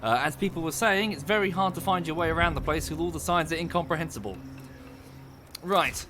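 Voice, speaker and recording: A man's voice: fairly high pitch, a little fast. A man casually narrating his strategy game on a livestream, thinking aloud and thanking viewers as he plays. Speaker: streamer playing a strategy game. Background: game music.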